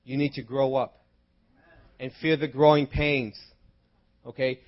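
A man preaching a sermon, moving from quiet teaching into loud, impassioned prayer and exhortation. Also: medium pitch, little pitch movement, unhurried, lo-fi sound. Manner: breaks into spoken prayer.

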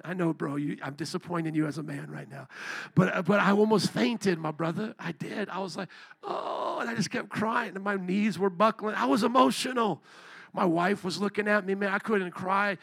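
Bright, gravelly preaching man. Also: sits high. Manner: candid, conversational preaching with rising and falling intensity. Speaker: pastor. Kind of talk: sermon.

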